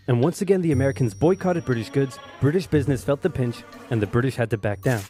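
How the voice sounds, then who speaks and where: A man's voice: mid-range voice, fast, few pauses. A man narrating a comic history video in a wry, scripted way. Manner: wry, deadpan punchlines. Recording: narration with clear music bed.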